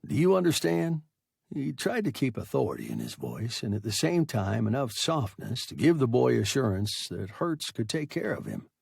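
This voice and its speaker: Man reading old sci-fi audiobook, husky voice, dry close sound. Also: mid-range voice, very animated, darkish tone, dry recording. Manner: measured storytelling. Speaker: narrator. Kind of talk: scripted audiobook narration.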